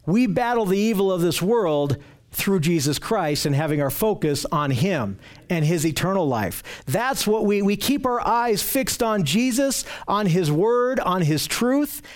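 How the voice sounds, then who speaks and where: A man's voice: sits high, lively intonation, a little slow. A man preaching a sermon, teaching earnestly and emphatically, often repeating phrases for stress.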